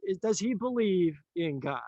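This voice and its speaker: Guy telling a story in casual chat, kinda high voice, lively, acts out the people, dry close sound. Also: moderate pace, no room sound, muffled recording. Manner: animated storyteller, acts out characters' lines, laughs often. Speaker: author and teacher.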